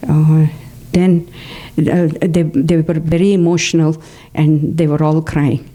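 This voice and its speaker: An older woman speaks to a devotional gathering in a community hall, sharing her memories in a chatty way. Her voice sits low and sounds soft and mellow, and she keeps stopping for fillers and little "okay?" check-ins with the room. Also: level tone, takes it slowly. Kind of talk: personal talk to a spiritual group.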